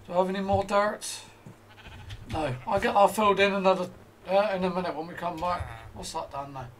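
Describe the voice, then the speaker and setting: A man's voice: high-pitched, fairly even intonation, a little fast, a bit bright, slight background noise. A man giving casual commentary as he plays a game, thinking aloud to himself. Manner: chatty, thinks aloud while playing. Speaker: let's play host.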